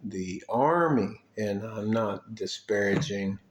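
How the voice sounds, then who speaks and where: An older man from Detroit telling rambling, profane army stories in a casual way, with frequent asides and throat clearing. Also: on the low side, slow pace. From Detroit, USA. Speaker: army veteran storyteller. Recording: echoey room.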